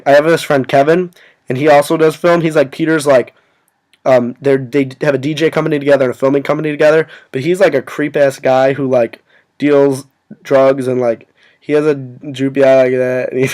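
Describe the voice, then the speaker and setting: A young man casually telling a story to his viewers, rambling and filling every pause with "like". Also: mid-range voice, darkish tone. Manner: rambling, full of "like" fillers. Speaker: vlogger.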